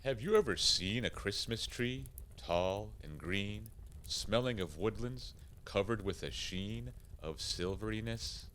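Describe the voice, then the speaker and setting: A man voicing a calm, wise Santa Claus in a rhyming radio play, gently lecturing. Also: on the low side, unhurried, slight background noise. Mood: tender.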